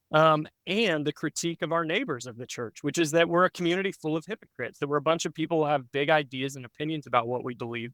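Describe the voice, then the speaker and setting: A pastor speaking as a podcast guest, telling a story in an earnest, reflective way with frequent fillers. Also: male voice, mid-range voice, a bit bright, clear, resonant tone, no room sound.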